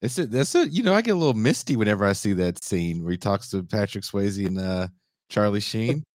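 A man's voice: lowish voice, expressive, a little fast, darkish tone, no echo, clean studio sound. A man hosting a casual chat who mostly murmurs short acknowledgments.

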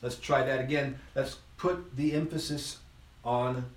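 A man giving an instrument lesson, counting beats aloud in an encouraging, relaxed way while he plays. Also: mid-range voice, unhurried, reverberant, noisy background. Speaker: music teacher.

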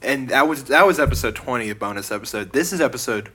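Bright-voiced sarcastic male podcast co-host. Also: medium pitch, lively intonation, fast talker, husky. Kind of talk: casual chat.

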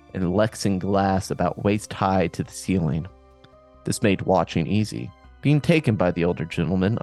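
Deep-voiced joking podcast host. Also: male voice, darkish tone. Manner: reads listener stories with joking asides. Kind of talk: casual podcast storytelling.

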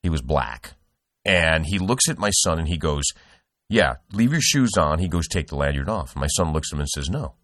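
A man's voice: rumbling low, lively intonation, normal speed, a bit bright, dry recording, clean studio sound. A middle-aged man hosting a podcast, telling a rambling, profane story with lots of restarts. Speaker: podcast host. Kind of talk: casual podcast chat.

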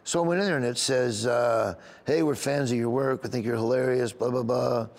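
A man's voice: mid-range voice, fairly even intonation, fairly quick, a little mellow, in a large hall. A man, a comedian, telling a rambling, emotional story in an interview, often near tears and laughing. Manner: rambling, tearful and laughing as he recalls.

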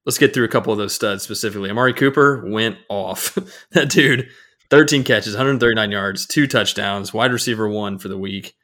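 A man's voice: on the low side, bright, forceful tone. A man co-hosting a casual sports podcast, upbeat and jokey, talking into a podcast microphone. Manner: upbeat, jokey, quick banter. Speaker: podcast co-host.

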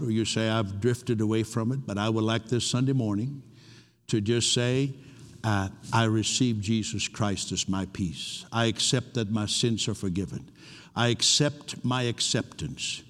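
A man preaching as a pastor, earnest and repeating his phrases, slowing down to press key words, then leading the room in a prayer and an altar call. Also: fairly low pitch. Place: large church hall. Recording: long reverb of a large hall.

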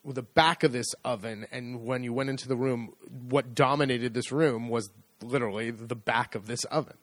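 A man's voice: medium pitch, fairly even intonation, normal speed, a bit bright, no room sound. A middle-aged American man chatting casually as co-host, rambling and self-deprecating, with many restarts. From United States. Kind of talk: casual chat.

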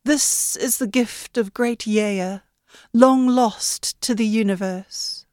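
A serene, ancient female ship consciousness, put on by a woman storyteller, unhurried and gentle. Her voice sits a little high and dry, and her pace is very slow. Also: no room sound. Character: ancient wise female mind of a vast ship.

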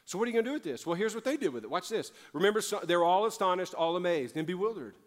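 A man's voice: sits high, sing-song, racing. A man preaching a sermon as pastor, building with fervor and emphatic repetition. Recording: long hall reverb with faint music.

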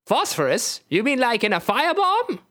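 A podcast host voicing a gentle, sad male mutant hero in a comic read-aloud of a kids' book. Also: wildly swooping pitch. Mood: earnest. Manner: high, slow, earnest put-on voice.

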